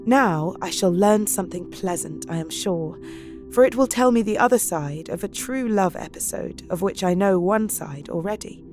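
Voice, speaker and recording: A woman's voice: mid-range voice, lively intonation, normal speed, music in the background, natural voice. An actress playing a compassionate, resolute young Victorian wife who narrates her journal and pleads earnestly, in an audio drama. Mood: calm. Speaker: narrator and character.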